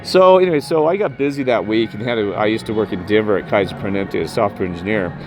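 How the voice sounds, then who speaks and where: A man vlogging a rambling personal story about spirits, emphatic and jumping up in pitch when he quotes himself. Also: quick pace, music in the background. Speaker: paranormal vlogger.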